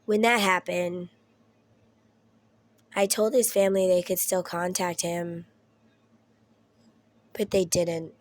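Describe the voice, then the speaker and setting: A sick young mother talking casually, telling a candid story with swearing and quick bursts of speech. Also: lowish voice, little pitch movement.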